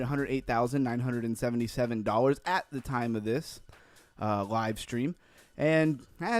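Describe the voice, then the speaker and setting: A man hosting a casual crypto livestream, upbeat and rambling, a little out of breath after cardio. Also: medium pitch. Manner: upbeat, reads chat names aloud, rambling. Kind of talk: casual live-stream chat.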